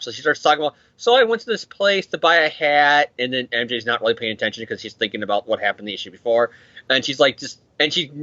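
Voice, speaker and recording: A podcast host recaps a comic issue in a casual, jokey, profane way, dropping into goofy voices for the characters. His mid-range male voice is bright and forceful, and the recording is dry and muffled.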